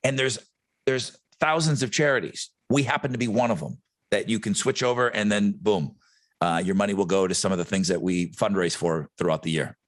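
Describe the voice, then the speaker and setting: A man's voice: on the low side, brisk, no echo. A man hosting a podcast, talking in an easygoing, joking way. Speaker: podcast host. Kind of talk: casual podcast chat.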